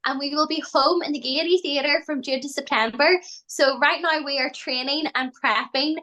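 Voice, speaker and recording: A woman with a high, bright voice, speaking upbeat and chatty as a dancer guest. She comes through a video call. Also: steady tone, normal speed, poor audio. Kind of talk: remote interview answers.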